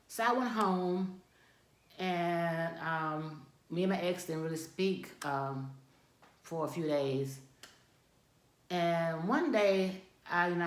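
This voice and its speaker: Middle-aged woman, divorce coach, animated storyteller who laughs through her lines; lowish voice, echoey room. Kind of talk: personal storytelling.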